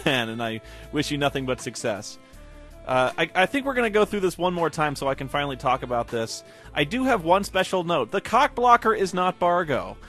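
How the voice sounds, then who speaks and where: A man talking his way through a commentary track in a loose, rambling manner. He laughs between his words, and his pitch sits in an ordinary middle range. Soft music plays faintly behind him. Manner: rambling, chatty, often laughing mid-sentence. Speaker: video creator recording commentary.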